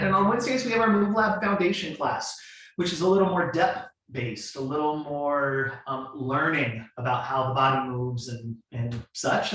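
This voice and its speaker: A man's voice: a little high, a bit bright. A man leading a movement class, talking through it conversationally with many fillers and coaching cues. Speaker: fitness class instructor. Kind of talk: online movement class instruction. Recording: very echoey room, mic at a distance.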